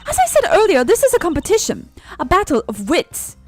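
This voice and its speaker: Woman voicing a haughty young female prosecutor, German accent, imperious, high and forceful, faint music. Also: huge pitch swings, fairly quick, heavily acted. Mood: condescending. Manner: imperious, scornful. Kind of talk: video game dialogue read aloud.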